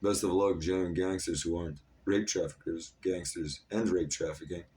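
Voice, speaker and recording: Deep-voiced man rambling in his thirties. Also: fairly even intonation, normal speed, mellow. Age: 30s. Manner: disjointed, jumpy stream of talk with many fillers. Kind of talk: rambling monologue to camera. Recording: voice a bit far from the mic.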